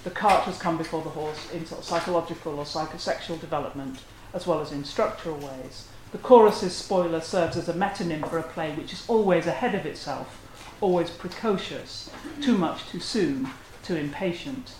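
A lecturer talks through a literary analysis in a measured, scholarly way, at a mid-range pitch. The voice rings out in a roomy space, and a faint hiss sits underneath. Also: darkish tone. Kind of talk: academic lecture. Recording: roomy echo.

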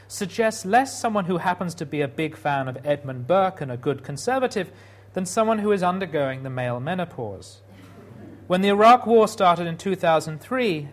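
A man giving a prepared public talk, telling stories in a wry way with dry humor. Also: sits high.

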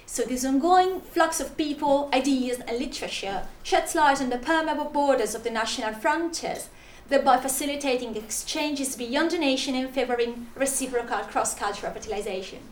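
A woman's voice: high-pitched, a little fast, few pauses, reverberant, a little hiss or hum. A woman with a Russian accent, presenting an academic paper and reading it with frequent restarts and fillers. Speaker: conference presenter.

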